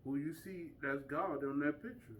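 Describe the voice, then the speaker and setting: A man's voice: on the high side, normal speed, recorded from a distance, a little hiss or hum, poor audio. A man giving an informal lecture to a small group, emphatic and full of rhetorical questions. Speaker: community speaker teaching a group.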